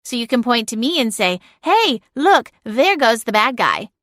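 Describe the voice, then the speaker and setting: A woman's voice: a little high, big pitch swings, unhurried, a bit bright, dry recording, voice pushed up. A woman voicing a snarky, sarcastic female cat familiar with a dry, cutting, mocking manner in an audiobook. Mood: snide. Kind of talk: audiobook narration.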